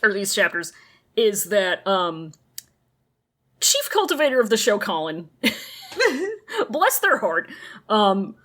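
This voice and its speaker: A woman's voice: medium pitch, big pitch swings, slow pace, long pauses, fairly bright tone. A woman co-hosting a podcast, chatting casually and animatedly, swearing and laughing often. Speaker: podcast co-host. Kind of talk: casual chat.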